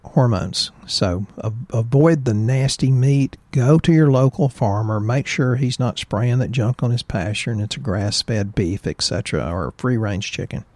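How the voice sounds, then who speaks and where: A man co-hosting a casual health chat, opinionated and animated as he tells stories. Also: mid-range voice, unhurried, hardly any pauses, dry recording. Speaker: podcast co-host, chiropractor.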